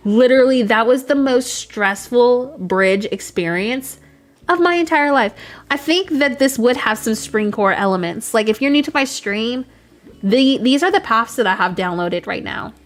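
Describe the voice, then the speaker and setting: A woman streaming a game, chatting casually and excitedly with her viewers. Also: a little high. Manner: chatty, excitable, talks to chat directly. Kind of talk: casual live-stream chat.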